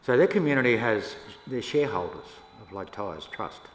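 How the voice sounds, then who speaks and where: An older Australian man, a First Nations elder, telling stories to an audience in a relaxed, yarning way with laughs between them. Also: lowish voice, moderate pace. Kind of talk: storytelling talk to an audience. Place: church hall. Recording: echoey hall, faint room noise.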